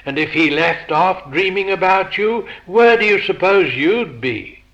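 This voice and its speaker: A man's voice: high voice, lively intonation, a little slow, a bit bright, highs cut off. A man reading aloud the lines of a smug, contemptuous twin brother, quoted from a story in his own lecturing voice. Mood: scornful.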